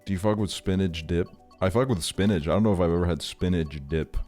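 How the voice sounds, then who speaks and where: A man's voice: low voice, fast, darkish tone, soft background music. A young man streaming, chatting casually with his viewers, swearing often and sounding exasperated in a joking way. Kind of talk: casual chat.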